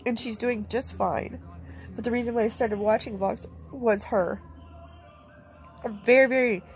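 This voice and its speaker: A woman's voice: fairly high pitch, steady tone, a little slow, a little mellow, faint music behind. A middle-aged woman vlogger speaking candidly and emotionally in a plainspoken, heartfelt way from inside a camper. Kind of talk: candid personal vlog.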